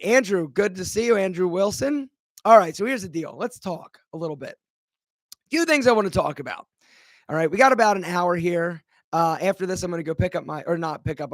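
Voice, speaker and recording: A man's voice: high-pitched, fairly bright tone, no room sound. A man hosting a casual live stream Q&A, chatty and rambling, greeting viewers by name as he goes. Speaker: live stream host, brand founder.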